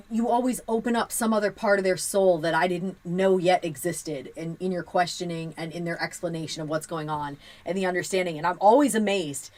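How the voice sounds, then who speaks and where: Co-host, female, lowish voice, supportive listener. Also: a little mellow. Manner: supportive listener, frequent agreeing murmurs. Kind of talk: casual chat.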